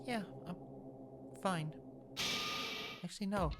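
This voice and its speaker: A man voicing a frightened teenage girl in a shrill falsetto, pleading and desperate. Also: slow, background noise. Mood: panicked.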